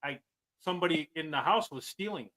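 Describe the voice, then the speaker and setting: Man in his sixties, high bright voice. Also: expressive, rough recording. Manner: halting starts, stories about surgeries. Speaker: podcast co-host. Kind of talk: casual chat.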